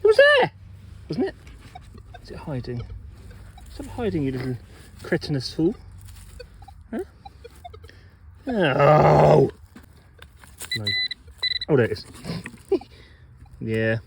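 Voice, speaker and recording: Male vlogger outdoors, animated, playful running commentary. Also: medium pitch, takes it slowly, long pauses, a little hiss or hum. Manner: chatty, playful, teasing finds and mock-insulting them. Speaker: metal detecting vlogger. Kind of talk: casual talk to camera while detecting. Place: outdoors in a field.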